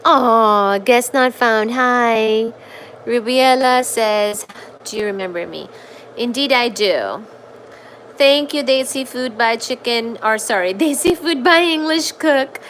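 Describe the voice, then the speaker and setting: High-voiced woman chatting on a livestream. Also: slow, fairly bright tone, slight background noise. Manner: chatty, coos in baby talk at her cat. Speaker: livestream host reading chat. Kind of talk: casual livestream chat. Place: at home.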